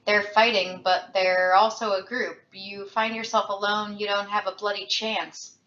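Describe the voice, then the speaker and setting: A woman voicing a feverish young man who turns on his friend, talking loud and bitter. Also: medium pitch, level tone, measured pace. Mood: weary. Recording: roomy, dull lo-fi home recording.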